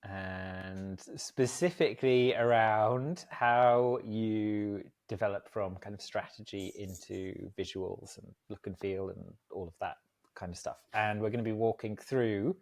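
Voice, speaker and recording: Low-voiced chatty podcast host. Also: male voice, unhurried, darkish tone. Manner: chatty, laughs easily, rambling asides. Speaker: podcast host, agency co-founder. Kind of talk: casual podcast chat.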